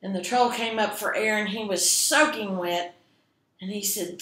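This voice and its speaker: A woman librarian telling a children's story, gentle and expressive, speaking directly to the kids. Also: medium pitch, moderate pace. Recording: echoey room.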